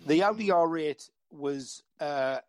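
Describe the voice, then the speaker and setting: Northeast English male commentator, quick and chatty, slightly high voice, dry close sound. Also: a little mellow, clean tone, dry recording. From northeast England. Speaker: racing commentator. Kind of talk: casual panel chat.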